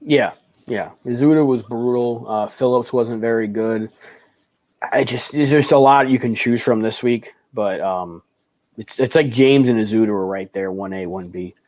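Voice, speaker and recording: A man's voice: medium pitch, moderate pace, a little mellow, no room sound. Laughing young man in a dry room. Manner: laughs often, reads out live chat comments. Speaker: podcast co-host. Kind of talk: casual sports post-game chat.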